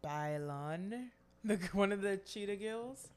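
A woman's voice: mid-range voice, animated, takes it slowly, clean tone. A woman co-hosting a podcast in casual chat, chatty and full of "like" and restarts. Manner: chatty, heavy use of "like", hesitant restarts. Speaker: podcast co-host.

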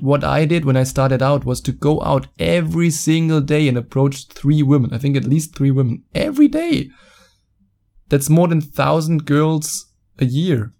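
A man's voice: on the high side, vocal fry, warm tone. A man with a German accent hosting a solo podcast, talking bluntly and mockingly, with frequent swearing. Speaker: podcast host. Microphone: studio microphone.

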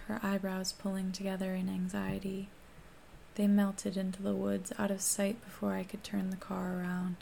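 Gravelly-voiced woman narrating a story. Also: medium pitch, dark tone, a little hiss or hum. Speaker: audiobook reader.

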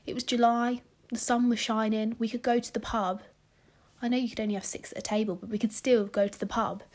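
A woman's voice: mid-range voice, flat delivery, moderate pace. A young woman with a British accent, telling her own story in a casual, rambling monologue with asides that drop nearly to a whisper. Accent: British English. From Britain. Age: young adult.

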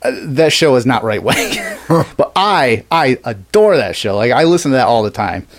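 A man's voice: medium pitch, sing-song, normal speed. A man hosting a podcast in casual chat, talking loosely with swearing and acting out quoted lines. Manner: loose and profane, acts out quotes. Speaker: podcast host.

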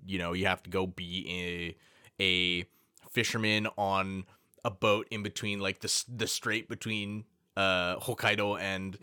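A man co-hosting a casual podcast, eagerly pitching a wild idea and swearing now and then. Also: little pitch movement, a little slow, bright, forceful tone, clear, resonant tone, dry recording, studio quality. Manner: enthusiastic, pitches ideas. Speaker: podcast co-host. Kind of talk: casual chat.

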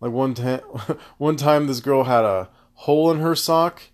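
A man hosting a casual solo podcast, rambling through tangents in a loose, profane, animated way. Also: mid-range voice, unhurried. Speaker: podcast host.

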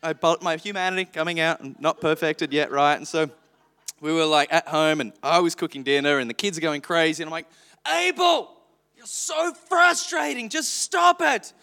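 A pastor in his thirties preaches with a high, bright, forceful voice. He tells stories in a lively, frank way and pokes fun at himself. His words ring out with the long reverb of a church hall. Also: a little fast, smooth. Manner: lively storytelling, frank and self-deprecating. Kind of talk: sermon. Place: church auditorium.

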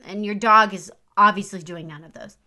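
A woman's voice: mid-range voice, normal speed, bright, forceful tone. A woman delivering a comic monologue rant, sarcastic and emphatic in an exasperated way. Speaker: comedic ranter.

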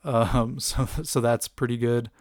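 A man's voice: medium pitch, flat delivery, a little slow, a little mellow, no room sound, studio quality. A man casually chatting about a cartoon episode, enthusiastic and rambling with lots of fillers and laughs. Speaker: podcast host reviewing a cartoon. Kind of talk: casual chat.

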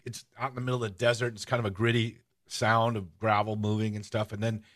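A man hosting a podcast and telling a story with enthusiasm in casual chat. He rambles, restarts often and gets excited. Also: on the low side, fast. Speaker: host.

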